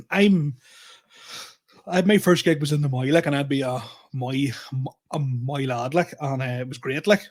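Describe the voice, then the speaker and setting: A man's voice: mid-range voice, unhurried. A man with a Northern Irish accent and a slight stutter, an easygoing comedian chatting on a podcast. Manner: easygoing, chuckles, says aye a lot. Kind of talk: casual chat.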